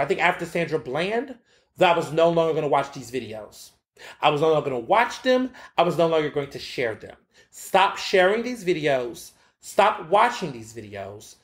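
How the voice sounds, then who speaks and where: A man's voice: high-pitched, a bit bright. A man hosting his own podcast, speaking bluntly with heavy profanity and emphatic repetition in an opinionated solo monologue. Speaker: podcast host.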